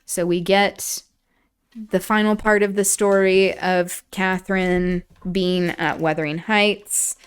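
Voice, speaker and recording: A woman streamer reading a classic novel aloud, breaking off for relaxed, chatty asides. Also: lowish voice, takes it slowly, smooth. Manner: relaxed, chatty asides and laughter between passages.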